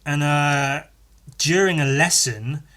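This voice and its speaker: A man's voice: on the high side, slow, bright, forceful tone. An English man hosting a solo podcast, rambling in a sweary, sarcastic way with lots of asides. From England. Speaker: podcast host.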